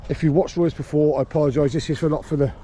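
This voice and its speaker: Calm dog trainer outdoors. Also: male voice, fairly high pitch, racing, slight background noise. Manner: calm explaining, with sharp shouted commands to a dog. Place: small grass sports field outdoors.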